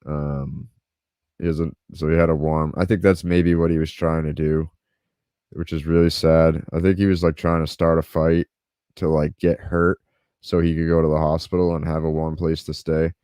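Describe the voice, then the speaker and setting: A man's voice: rumbling low, little pitch movement, normal speed, dark tone, clear, resonant tone, no echo, clean studio sound. A man hosting a podcast, telling a story casually, swearing freely and acting out what others said. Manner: laid-back, swears freely, acts out quotes. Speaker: podcast host.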